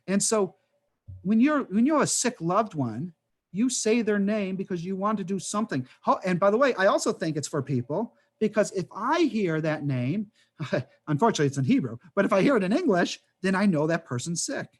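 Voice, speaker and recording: A man's voice: sits high, fairly quick, breathy edge. A man, a rabbi, teaching an adult class over a video call, telling stories and asking rhetorical questions in a conversational way. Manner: animated storytelling with rhetorical questions and asides.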